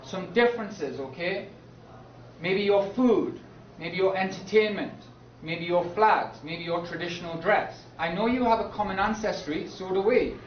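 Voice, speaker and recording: A male teacher lecturing a class in a slow, emphatic way, often checking in with "okay?". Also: sits high, slight background noise. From Britain. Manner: repeats "okay?" to check understanding, slow emphatic key words. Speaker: English teacher. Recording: echoey classroom from far off, dull and lo-fi.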